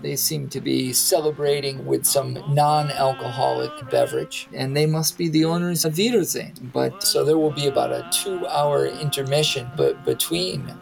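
A man's voice: medium pitch, animated, moderate pace, gravelly, few pauses, poor audio. A man narrating and running a tabletop role-playing game as game master. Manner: plays several characters with voices. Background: music.

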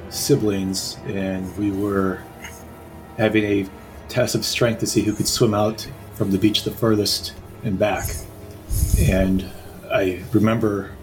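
Low-voiced man recalling a memory. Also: a little mellow, low-quality recording. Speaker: tabletop player. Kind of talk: in-character recollection.

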